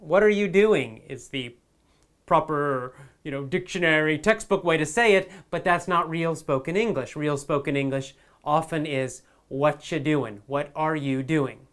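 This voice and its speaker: A man teaching spoken English, talking slowly and emphatically and repeating example phrases many times. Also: a little high, a bit bright.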